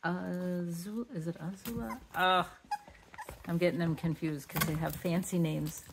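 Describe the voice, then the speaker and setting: A woman's voice: steady tone, measured pace, vocal fry, noisy background. A woman dog breeder chatting casually on her vlog while showing her puppies in their indoor pen, cooing at them now and then. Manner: chatty, coos at the puppies in a high baby voice.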